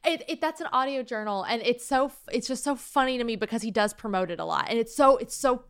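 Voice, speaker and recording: A woman's voice: a little high, fast talker, no echo, studio quality. A woman co-hosting a podcast in casual chat, talking loosely with many "like"s and some swearing. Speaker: podcast co-host.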